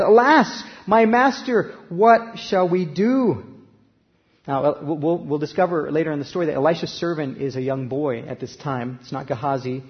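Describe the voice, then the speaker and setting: A man with a somewhat high voice preaches a sermon, talking it through like a conversation and lifting his volume when he reads scripture. The sound is dull and lo-fi, with a long echo hanging in a big church hall. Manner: conversational preaching, rising loud for scripture quotes. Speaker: pastor.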